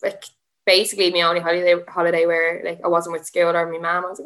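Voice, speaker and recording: A woman's voice: fairly low pitch, fairly even intonation, fairly quick, fairly bright tone. A young Irish woman, an MMA fighter and podcast guest, telling a rambling story full of "like" and laughing asides. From Ireland. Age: young adult.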